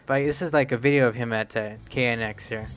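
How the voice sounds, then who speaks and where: A man hosting a podcast in casual chat, relaxed and joking with frequent fillers. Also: mid-range voice, quick pace. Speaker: podcast host.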